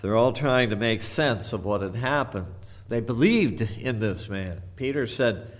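Male pastor, lowish voice, slow measured sermon delivery, reflective storyteller. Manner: reflective storytelling, retelling scripture.

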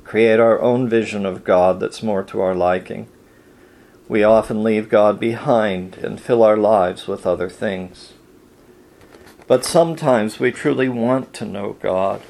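A man with a low, gravelly voice delivers a quiet devotional sermon, reading scripture aloud and leading a prayer. He speaks very slowly, gently and reflectively, like a pastor comforting a congregation.

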